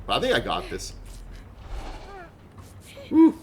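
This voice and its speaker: A man's voice: medium pitch, sing-song, normal speed, a bit bright, a little hiss or hum. A man doing live gameplay commentary, joking and chatting with viewers in rambling asides. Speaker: game streamer.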